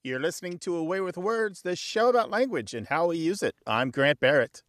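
A man co-hosting a radio show about language, presenting and chatting in an even, friendly way. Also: sits high, a little fast, heavy background noise. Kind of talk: casual radio chat. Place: radio studio.

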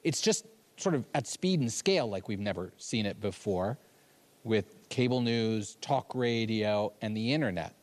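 A man's voice: lowish voice, expressive, measured pace, darkish tone. A man on a panel speaking assertively as he explains his view. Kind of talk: panel discussion.

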